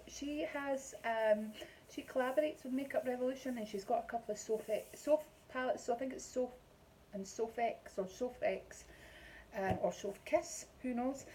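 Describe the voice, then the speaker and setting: A middle-aged woman with a Scottish accent chats loosely through a makeup unboxing, rambling and filling pauses with ums. Her voice is soft and mellow. A faint hiss sits under the recording. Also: fairly high pitch, low-quality recording. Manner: chatty and rambling, with many ums. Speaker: beauty vlogger. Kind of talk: casual unboxing chat.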